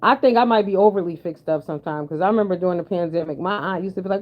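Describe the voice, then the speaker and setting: A woman's voice: fairly low pitch, racing, few pauses. A woman giving blunt, sassy, profane commentary in casual chat with her viewers. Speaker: commentary vlogger. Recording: dull lo-fi sound.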